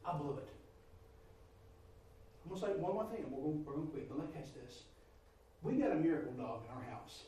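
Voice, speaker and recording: A middle-aged man, preaching a folksy, animated story sermon. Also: on the high side, brisk, long pauses, echoey room, recorded from a distance, a little hiss or hum, poor audio. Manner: folksy, animated storytelling, rising to loud exclamations.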